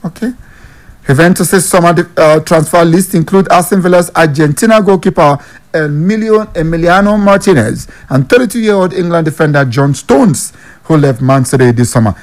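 Nigerian man, football news vlogger, slightly high voice, reads headlines and jokes in Pidgin. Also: animated, moderate pace. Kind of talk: casual sports news commentary.

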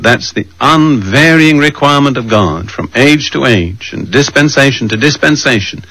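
A man preaching a sermon, measured and emphatic, slowing down to read scripture verses aloud. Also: mid-range voice, expressive, sharp tone, no echo, poor audio.

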